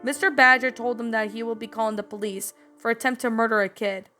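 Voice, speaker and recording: A woman reads a fan-made story aloud in a casual, slightly stumbling way, breaking in with her own reactions. Her voice sits a bit high, and faint background music runs underneath. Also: fairly even intonation, a little fast, pushed and bright. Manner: casual reading with small slips. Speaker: story narrator and reviewer. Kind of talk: reading a fan story with commentary.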